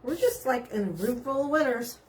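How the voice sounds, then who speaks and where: A middle-aged woman with a slightly high, lively voice chats fairly quickly on a live stream. Bubbly and giggly, she reads out viewer comments as she goes.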